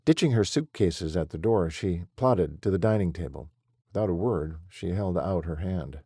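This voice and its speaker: A man reads an audiobook in a measured, steady way. His voice is low, dark and a little husky, and the close-miked recording is dry and intimate. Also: no echo. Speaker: audiobook narrator. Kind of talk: scripted audiobook narration.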